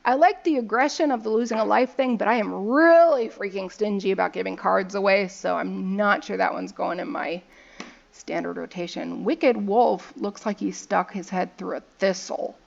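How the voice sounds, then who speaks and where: A woman's voice: mid-range voice, normal speed, vocal fry, dull audio. A young woman casually commenting as she opens card packs, reading card text aloud and joking about the artwork. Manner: chatty and playful, reads card text aloud and jokes about the art. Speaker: gaming video host.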